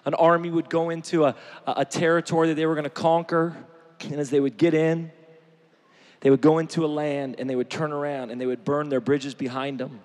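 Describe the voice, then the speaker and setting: Male preacher, fairly high voice, animated and joking, heavy hall reverb. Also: brisk. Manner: animated, joking, shifts from shouting to quiet. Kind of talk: energetic sermon.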